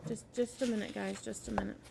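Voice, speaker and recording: A woman's voice: a little high, steady tone, quick pace, creaky, mellow, a little hiss or hum. A woman teacher reading a novel aloud to her class and stopping to explain parts to the listeners.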